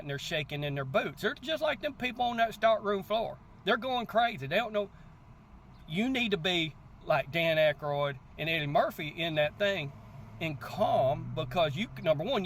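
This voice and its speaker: A man hosting a crypto channel, telling a story in casual, animated talk and often asking "guess what" before his point. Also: on the high side, normal speed, slight background noise. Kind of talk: casual motivational talk to camera.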